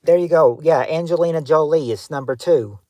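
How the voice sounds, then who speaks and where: A man hosting a casual livestream game night, giving clues to players in a halting way, full of ums and restarts. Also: fairly high pitch, mellow, dry recording. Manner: halting, hunts for words with many fillers; gives clues to players, talks to chat.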